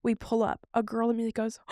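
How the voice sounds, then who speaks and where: A woman co-hosting a casual podcast, her voice sitting a little high. She tells a shaken personal story in an animated way, slipping into the voices of the people she quotes. The sound is dry, with no room around it. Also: no room sound. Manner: animated, acts out what others said. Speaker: podcast co-host.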